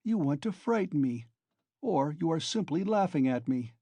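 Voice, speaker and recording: A man's voice: on the high side, expressive, moderate pace, dark tone, slightly rough, dry recording. A man doing a feverish, hunted young student. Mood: bitter. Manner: strained and defensive. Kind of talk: audiobook character reading.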